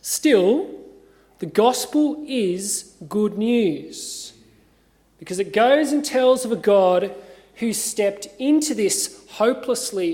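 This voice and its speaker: Australian minister preaching in an echoing cathedral. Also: male voice, sits high. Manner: measured, earnest, gently humorous. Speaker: assistant minister. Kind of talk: sermon. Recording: long reverb of a cathedral.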